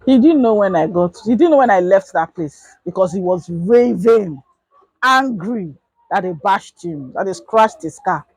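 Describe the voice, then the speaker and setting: Animated Nigerian woman telling a story. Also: medium pitch, a little slow, slightly rough, no echo, low-quality recording. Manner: animated, acts out quotes in raised voice. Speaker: vlogger. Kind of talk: casual storytime.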